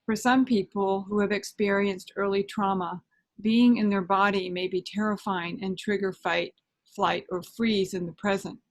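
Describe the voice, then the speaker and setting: A woman moderating a seminar, reading a participant's question in a calm, measured way. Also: mid-range voice.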